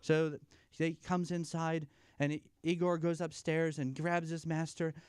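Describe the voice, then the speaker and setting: A man telling corny jokes and a long shaggy-dog story at a church family night, playful and self-deprecating, pausing for laughs. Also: a little high, little pitch movement, darkish tone, smooth, no echo, studio quality. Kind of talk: stand-up style corny jokes. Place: church fellowship event, live.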